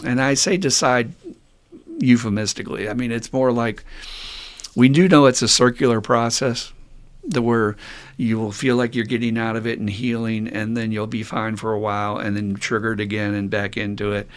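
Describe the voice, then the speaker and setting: Blunt, animated male podcast host. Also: normal speed, smooth. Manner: candid and blunt, with mild swearing; animated, rising loud and high when mimicking people. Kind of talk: casual podcast monologue.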